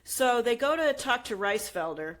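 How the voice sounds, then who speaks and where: A woman's voice: a little high, expressive, normal speed, fairly bright tone, slight background noise. A young adult woman co-hosting a podcast, casually retelling a true crime story and acting out the quotes. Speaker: podcast co-host.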